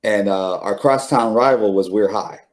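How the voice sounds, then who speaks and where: A man's voice: fairly low pitch, moderate pace. A middle-aged man, an interview guest, telling stories casually with many fillers and restarts, laughing now and then. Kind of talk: casual storytelling.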